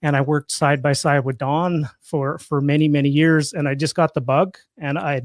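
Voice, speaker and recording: A man's voice: fairly high pitch, steady tone, moderate pace, no echo, studio quality. A man in his fifties with a Canadian accent, a guest in an interview who talks in a chatty, joking, self-deprecating way. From Saskatchewan, Canada. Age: 50s. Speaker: guest, real estate investor. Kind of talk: casual interview talk.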